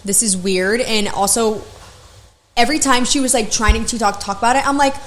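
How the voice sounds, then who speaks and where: A woman esthetician telling stories in a casual podcast chat, animated, frank and profane. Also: a little high, a little fast, slight background noise, low-quality recording.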